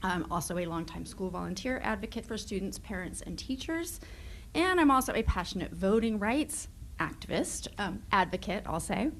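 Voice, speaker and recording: A woman's voice: medium pitch, expressive, moderate pace, a bit bright, slight background noise, rough recording. A woman, a parent and activist, speaking earnestly in public comment at a school board meeting into a podium microphone. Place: meeting chamber.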